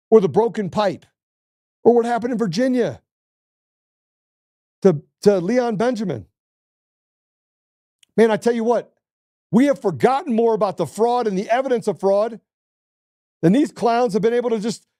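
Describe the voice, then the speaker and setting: A man's voice: very high-pitched, dark tone, no room sound, clean studio sound. A man hosting a political talk show, ranting in a heated, indignant way and swearing as he goes. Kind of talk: political talk radio rant.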